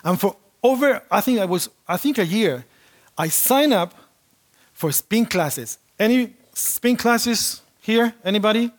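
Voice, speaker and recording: A man preaching a sermon to a congregation, telling a personal story with lively acted-out quotes. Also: high-pitched, unhurried. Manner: animated storytelling, acts out quotes.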